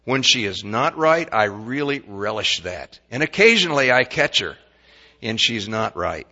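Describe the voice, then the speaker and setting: An older man delivers a folksy sermon in a gravelly voice that has a bright, forceful edge. He stammers and restarts, and he throws questions at the congregation. The recording sounds dull and lo-fi. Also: medium pitch, very animated, normal speed. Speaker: pastor.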